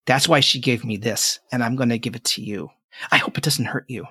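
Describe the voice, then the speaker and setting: A man's voice: mid-range voice, a little fast, bright, forceful tone, slightly rough, no echo, clean studio sound. A man voicing a nervous, earnest boy of about ten in a tabletop game, talking in a solemn, chatty, hesitant way. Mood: worried.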